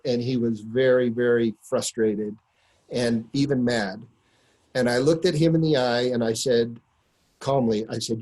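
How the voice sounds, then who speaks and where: A man on a webinar, earnestly telling a personal story and slowing down to stress key words. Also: medium pitch, darkish tone, rough recording. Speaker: webinar speaker.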